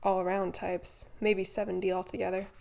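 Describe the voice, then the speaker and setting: A woman voicing a hearty, boastful middle-aged schoolmaster who talks in clipped slang, in a gravelly voice. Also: mid-range voice, flat delivery, moderate pace, darkish tone, natural voice. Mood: blustering.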